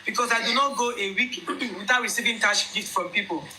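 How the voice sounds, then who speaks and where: A young Nigerian woman with a Nigerian accent telling viewers her own story in an emphatic, animated way. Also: on the high side, brisk, a little hiss or hum, poor audio. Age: young adult.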